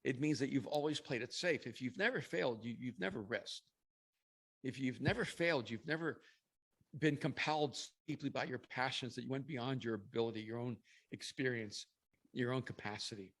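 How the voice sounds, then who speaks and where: A man's voice: mid-range voice, moderate pace, fairly bright tone. A middle-aged man, a podcast guest, telling a long personal story in an interview, reflective and laughing now and then between phrases.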